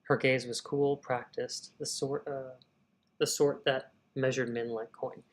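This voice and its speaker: A man's voice: medium pitch, level tone, a little slow, low-quality recording. A man reading his own novel draft aloud, stopping often to rethink wording and talk himself through edits. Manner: reads prose, then stops to rethink and edit wording aloud; talks to himself while editing. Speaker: fiction writer. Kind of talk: reading a draft novel aloud during a live writing session.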